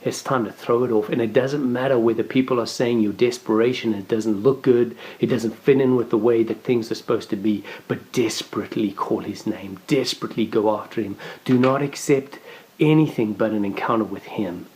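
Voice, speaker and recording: A man's voice: mid-range voice, fairly even intonation, brisk, darkish tone. A man preaching a conversational devotional message in an earnest way, often restarting and repeating his words.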